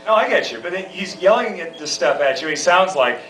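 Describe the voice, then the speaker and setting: A man's voice: high-pitched, animated, brisk, a crowd in the background. A man interviewing an actor in a chummy, easygoing way, laughing along often. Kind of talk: casual interview. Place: festival event room. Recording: echoey room, mic far off, music.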